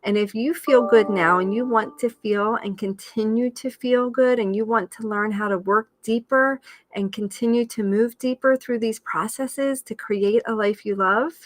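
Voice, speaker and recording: A woman's voice: steady tone, moderate pace. Upbeat woman coaching a live session. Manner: enthusiastic, bursts into high whoops and cheers; coaxing guided-exercise delivery. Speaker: life coach.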